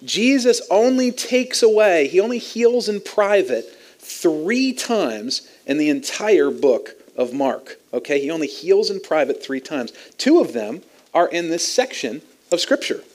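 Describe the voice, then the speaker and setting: A man preaching a sermon as pastor, teaching in an animated way with light chuckles. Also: on the high side, a little slow.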